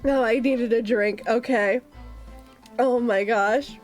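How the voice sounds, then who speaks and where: A young woman chatting casually with viewers while streaming a game, giggly and talkative. Her voice is high and her pace slow. Faint music plays behind her. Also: fairly even intonation.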